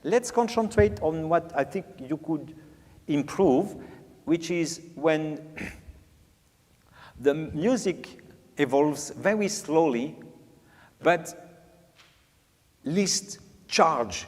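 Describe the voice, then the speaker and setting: Animated man coaching piano. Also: on the high side, slow, long pauses. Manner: animated, sings out phrases, playful. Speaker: piano master class teacher. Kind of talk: master class coaching. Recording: reverberant hall, faint piano.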